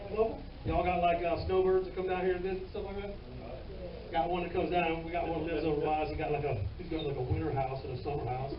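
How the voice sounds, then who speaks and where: A man with a Southern US accent doing a crude stand-up comedy set on a comedy club stage, drawling his punchlines loudly. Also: on the high side, flat delivery, fast talker, a crowd in the background. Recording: distant, roomy, dull club recording.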